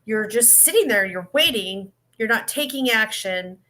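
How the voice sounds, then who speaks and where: A woman's voice: a little high, animated, normal speed, bright, forceful tone. A woman giving a live psychic reading, blunt and scolding as she tells the listener to act. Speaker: psychic reader.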